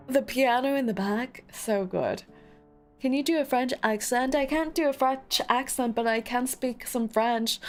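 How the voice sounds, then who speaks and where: A woman streamer playing a story game, reading narration aloud and reacting in an animated, laughing way. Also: high voice, moderate pace, soft background music. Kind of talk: casual game playthrough with read-aloud narration.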